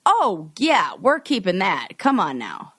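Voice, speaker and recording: Animated, effusive woman co-host. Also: medium pitch, a little slow, husky, no room sound, studio quality. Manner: effusive, emphatic reactions. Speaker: podcast co-host. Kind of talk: casual chat.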